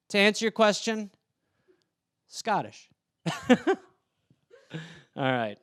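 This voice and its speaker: A man's voice: sits high, big pitch swings, takes it slowly, pauses often, fairly bright tone, clear, resonant tone, no room sound, clean studio sound. A man hosting a comedy podcast, riffing playfully and profanely while hopping between mock accents. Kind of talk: comic riffing with put-on accents.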